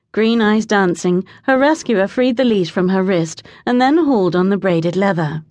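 A woman narrating a historical novel as an audiobook, in expressive storytelling. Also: mid-range voice, moderate pace, few pauses, dry recording. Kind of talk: scripted narration.

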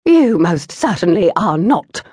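A woman's voice: big pitch swings, measured pace, a little mellow, breathy edge, no echo, clean studio sound, exaggerated voice. A woman voicing an exasperated, theatrical society mother who scolds her grown daughter. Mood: indignant. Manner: shrill, indignant, theatrical.

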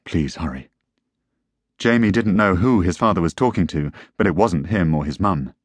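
A man's voice: low-pitched, brisk, dry recording. A man narrating a tense story as an audiobook reader. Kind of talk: scripted narration.

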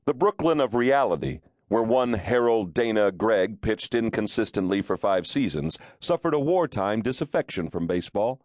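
A man's voice: lowish voice, expressive, moderate pace, hardly any pauses, darkish tone, dry recording. A man reading a nonfiction audiobook aloud in a wry, storytelling manner, close to a studio mic. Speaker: audiobook narrator. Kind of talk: scripted audiobook narration.

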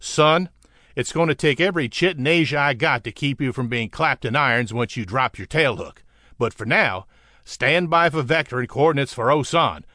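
Give me a man as a gruff fatherly old captain barking over the radio, dry read. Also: medium pitch, normal speed, sharp tone, no room sound, natural voice.

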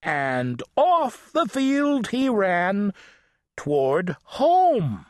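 Slow, animated male storybook narrator. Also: high voice, no room sound, clean studio sound. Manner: animated, playful read-aloud. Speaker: audiobook narrator.

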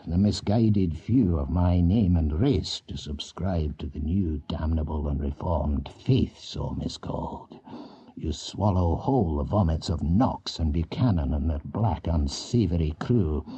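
A man voicing a domineering older Scottish earl in his fifties, with a low, gruff, commanding Scottish accent. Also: dark tone, muffled recording, exaggerated voice.

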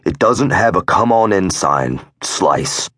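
A man's voice: low-pitched, animated, slow pace, fairly bright tone, no room sound, clean studio sound, pitched above the performer's own voice, exaggerated voice. A man voicing a nervous young male biker club prospect in an audiobook, answering apologetically and hesitantly. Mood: apologetic.

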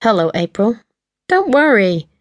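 A woman's voice: fairly low pitch, a little slow, vocal fry, dry recording. Taunting male intruder read by a woman, mock cheery, sardonic, dry close sound.

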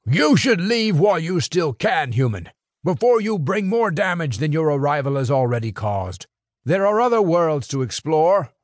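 A man's voice: fairly high pitch, very animated, moderate pace, dry recording, clean studio sound, voice pushed up. A man voicing a proud, defiant werewolf chieftain who warns and pleads urgently. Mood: threatening.

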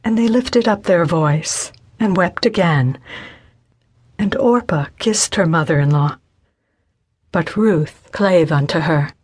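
A woman narrates scripture in an unhurried, solemn audiobook delivery. Her voice sits a little low and carries a soft, breathy huskiness. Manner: measured, solemn reading.

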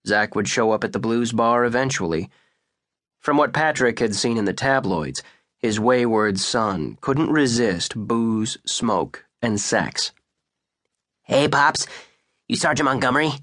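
Man narrating an audiobook slowly. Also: fairly low pitch, fairly bright tone, no echo, studio quality. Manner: measured, deliberate delivery. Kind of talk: scripted narration.

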